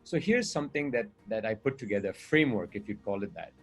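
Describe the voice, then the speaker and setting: A man's voice: lowish voice, expressive, fast. A man speaking as a communication coach in a conversation, earnest and explaining with examples and rhetorical questions.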